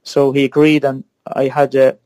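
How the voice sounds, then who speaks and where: A man's voice: mid-range voice, completely flat delivery, normal speed, mellow, dry recording. A man, a musician chatting casually in an interview, rambling with restarts. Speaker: musician guest.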